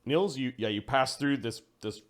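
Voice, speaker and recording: A man narrating a tabletop game as game master, slow and deliberate with pauses. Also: medium pitch.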